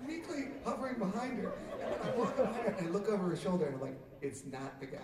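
A middle-aged man spins a rambling, laughing story from a concert stage, his lively voice leaping up and down. It comes through a roomy, distant audience tape with a loud crowd all around. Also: high-pitched, rapid-fire. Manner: chatty, laughing often, many fillers and restarts. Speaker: musician telling stories on stage. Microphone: audience taper's recording from the crowd.

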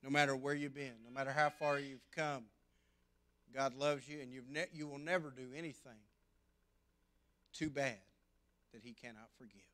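A man preaching a sermon as pastor, earnest, swinging between loud emphasis and hushed tones. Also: mid-range voice, fairly even intonation, moderate pace, long pauses.

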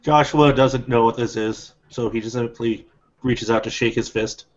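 A man's voice: mid-range voice, fairly even intonation, normal speed. A man playing a tabletop game, describing his character's actions with a few fillers, on a dull lo-fi recording. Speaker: player.

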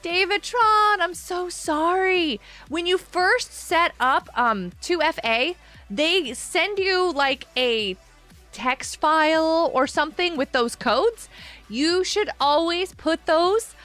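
Chatty lady streamer, high bright voice, greets chat by name, quiet music behind. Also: expressive, takes it slowly. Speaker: game streamer. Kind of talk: casual live-stream chat. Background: faint background music.

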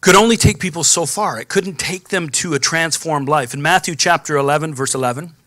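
Bright-voiced man preaching a sermon. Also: on the high side, brisk, no room sound, clean studio sound. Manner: calls out to the congregation for responses. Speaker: pastor. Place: church sanctuary.

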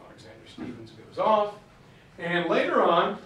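A man's voice: a little high, animated, measured pace, background noise. A man giving a storytelling history lecture, acting out the quotes with shifting voices. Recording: roomy far-off mic recording.

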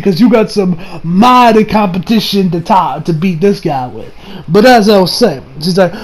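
A man giving a casual anime review, excited and rambling, who swears now and then. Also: sits high, fairly quick, rough recording.

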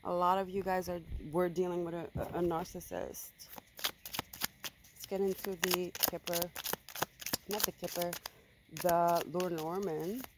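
A woman's voice: fairly low pitch, fairly even intonation, unhurried, pauses often, noisy background. Blunt, emphatic woman reading tarot. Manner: blunt, emphatic, swears freely. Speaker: tarot reader. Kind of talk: casual tarot reading to camera.

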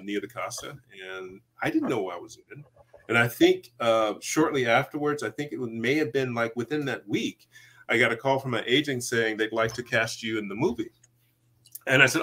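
A middle-aged man, an actor, telling stories in a casual interview, acting out quoted voices and laughing often. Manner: animated, acts out quoted voices with big pitch jumps; laughs often while talking. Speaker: actor guest.

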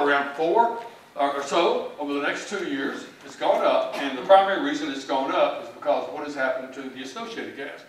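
The keynote comes from a male economist out of Texas whose voice sits a little high and sounds a bit bright. He keeps it folksy, joking and plain-spoken in his Texan accent, heard from far off in an echoey event hall with a little hiss or hum.

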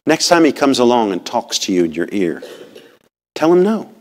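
A man preaching a sermon in church in a folksy, animated way, often asking the congregation questions. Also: fairly low pitch, a little fast. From rural upbringing. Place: church sanctuary.

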